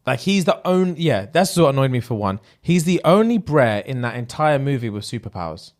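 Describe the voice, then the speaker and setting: A young man rants through a casual podcast chat. He is animated and slang-heavy, and his voice sits at an ordinary middle pitch. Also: a little fast. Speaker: podcast co-host.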